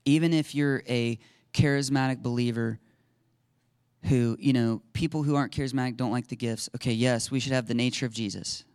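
A man preaching a lively sermon as a pastor, acting out little scenes and laughing now and then. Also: medium pitch, brisk, smooth, dry recording, studio quality. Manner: animated, acts out little voices and laughs often.

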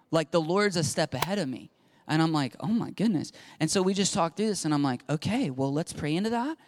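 A middle-aged man preaching a sermon, telling a story with lively acted-out dialogue. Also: a little high. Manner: animated storytelling, acting out dialogue. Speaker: pastor. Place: church sanctuary.

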